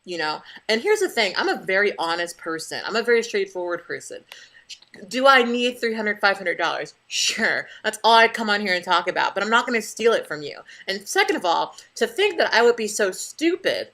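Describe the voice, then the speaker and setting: A woman's voice: medium pitch, big pitch swings, fairly quick, a bit bright. A young adult woman venting to camera in a casual vlog, blunt and profane as she tells her story. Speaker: vlogger.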